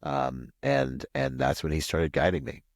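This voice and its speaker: Low-voiced man telling a long story. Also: a little slow, no room sound, studio quality. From Washington State, USA. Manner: rambling, animated storyteller full of "like" and "you know"; acts out quoted voices with pitch jumps. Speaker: podcast guest. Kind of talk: casual storytelling interview.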